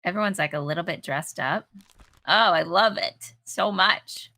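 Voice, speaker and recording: A woman's voice: on the low side, a little slow, creaky, pushed and bright. A young woman co-hosting a game stream, chatty and giggly, wandering off on tangents. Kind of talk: casual game-stream chat.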